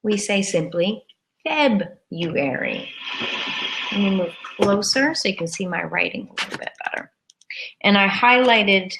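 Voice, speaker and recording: A woman gives a live English lesson at a slow, unhurried pace. She says words carefully and repeats each one for her learners, in a voice of middling pitch. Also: a bit bright. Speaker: English teacher. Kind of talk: live-streamed grammar lesson.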